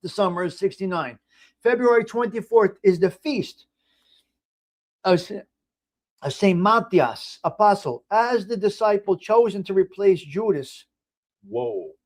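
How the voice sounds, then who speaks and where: A man's voice: high voice, animated, a little slow, pauses often. A man hosting a casual live stream, talking in a blunt, rambling way with frequent restarts. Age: 50s. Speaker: host.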